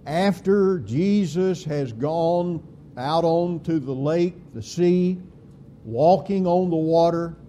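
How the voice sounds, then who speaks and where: A man preaching a sermon, with slow, deliberate delivery and emphatic swings in pitch and volume. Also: dark tone, a little hiss or hum.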